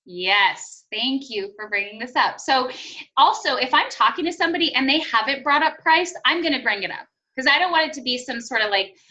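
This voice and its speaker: On a conference call, a woman enthusiastically coaches her network marketing sales team, acting out sales conversations. Her voice sits high, brisk and bright with a forceful tone. The recording is rough.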